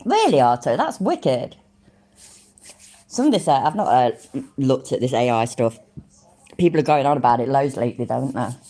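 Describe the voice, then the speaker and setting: A woman's voice: extremely low pitch, very animated, moderate pace, pauses often, warm tone. A woman from Middle England, chatting casually on a live stream, easily amused and laughing often. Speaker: streamer reacting to videos and chat.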